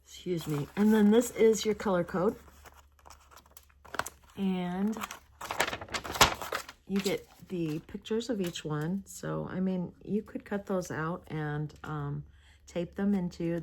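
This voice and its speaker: A sleepy, yawning woman hosts a crafting video, talking in a loose, rambling way full of hesitations. Her voice sits low in pitch. Faint noise can be heard behind her. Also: warm tone. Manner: rambling and chatty, with frequent hesitations. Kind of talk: casual product review chat.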